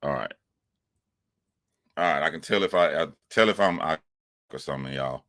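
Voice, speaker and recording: A man with a very low, bright and forceful voice chats on a livestream from his phone at home. He rambles, restarts his sentences and talks straight to viewers. The sound is dry and close. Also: moderate pace, dry recording. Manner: rambling, self-correcting, chatty. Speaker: YouTube livestream host. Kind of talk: casual livestream monologue.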